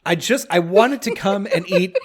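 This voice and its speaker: A young man co-hosting a casual podcast. His pitch swings widely as he tells a story and works himself into a mock-outraged rant. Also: animated, moderate pace. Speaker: podcast co-host. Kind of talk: casual chat.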